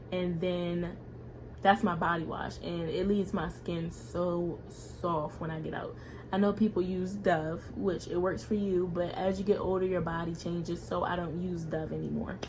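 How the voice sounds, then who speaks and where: A woman's voice: on the low side, fairly even intonation, measured pace, background noise. A young woman talking casually in a home vlog, filling her speech with "like" and "y'all". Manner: chatty, frequent "like" and "y'all" fillers. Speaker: vlogger.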